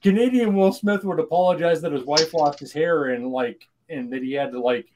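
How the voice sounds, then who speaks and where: A man's voice: on the high side, brisk, background noise. A man from Minnesota co-hosting a podcast in casual chat, rambling and often restarting his sentences. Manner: rambling, many restarts and self-corrections. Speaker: podcast co-host.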